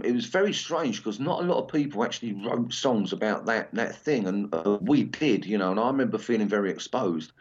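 An English man in his sixties, a punk singer chatting in an interview, rambling with many ums and restarts. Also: lowish voice. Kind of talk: casual interview chat. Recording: slightly dull lo-fi sound.

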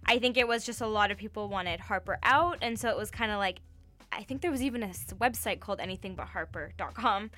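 A woman's voice: mid-range voice, fast talker, bright, forceful tone, faint music behind. A Canadian woman co-hosting a casual chat, talking loosely with lots of fillers and restarts. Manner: chatty, lots of likes and restarts.

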